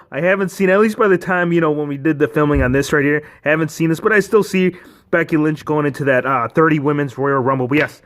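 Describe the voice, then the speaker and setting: A man with a slightly high voice gives a casual spoken recap for his channel. He talks in an excitable way, breaking into asides and playful mock outrage. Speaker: toy figure reviewer.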